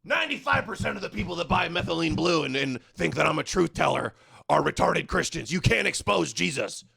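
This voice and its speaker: A man hosting a show, giving casual live reaction commentary in a sarcastic, mocking way with sudden shouted bursts. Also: fairly high pitch, fairly quick, gravelly, husky, no room sound, studio quality. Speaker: host.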